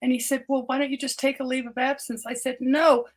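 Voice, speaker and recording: A woman's voice: sits high, flat delivery, brisk. An older woman, a doctor, telling her personal story as a podcast guest, earnest and often repeating words as she restarts her sentences.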